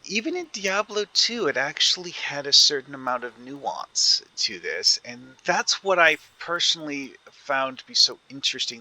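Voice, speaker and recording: A man's voice: on the high side, sing-song, moderate pace, hardly any pauses, pushed and bright. A man giving casual commentary while playing a video game, rambling and thinking aloud with many fillers and restarts. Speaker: gaming video creator.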